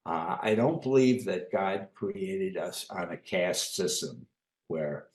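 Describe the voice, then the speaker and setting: Older-sounding guy talking slow and halting, lowish voice, echoey room. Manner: halting and thoughtful, many pauses. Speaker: author guest. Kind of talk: reflective interview talk.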